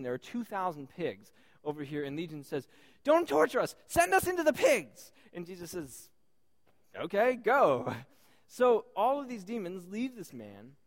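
Animated high-pitched man preaching. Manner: animated, incredulous asides with laughs. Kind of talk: lively sermon.

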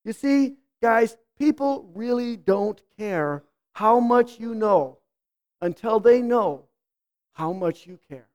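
A middle-aged man from the United States preaching a sermon, swinging from loud outbursts to quiet asides. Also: sits high, animated, slow.

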